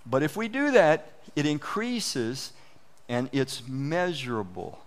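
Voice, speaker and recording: A man's voice: on the high side, takes it slowly. A man giving a conversational, folksy sermon, acting out inner voices and often restarting his words. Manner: animated, acts out inner voices. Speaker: preacher.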